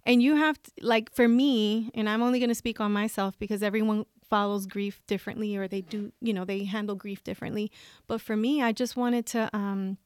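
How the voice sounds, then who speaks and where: Expressive, smooth-voiced woman speaking openly. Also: mid-range voice, fairly quick, dry recording. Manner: open and expressive, laughs often. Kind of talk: candid conversation about grief.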